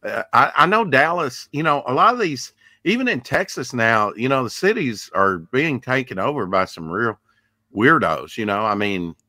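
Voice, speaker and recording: A man's voice: medium pitch, expressive, normal speed, pushed and bright, no echo, studio quality. A man in his fifties hosting a casual live chat, rambling and talkative. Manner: chatty, rambling storyteller. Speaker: livestream host.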